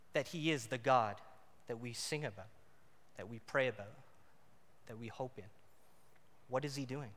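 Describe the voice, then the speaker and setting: Married male preacher, bright and forceful, sermon in a church with a long hall reverb. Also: medium pitch. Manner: dynamic, swings from loud emphatic to quiet intimate.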